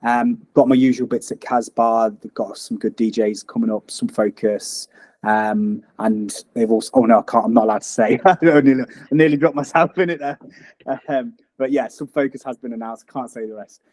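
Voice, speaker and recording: A man's voice: mid-range voice, normal speed. A man guesting as a DJ on a casual interview, rambling easily with filler words. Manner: relaxed, rambling, laughs easily.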